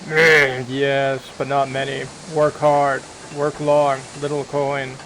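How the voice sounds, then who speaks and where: Man doing a gruff broken-speech orc laborer. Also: medium pitch, level tone, slow, background noise. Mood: glum. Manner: broken grunting speech, loud. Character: downtrodden male orc factory laborer, blunt.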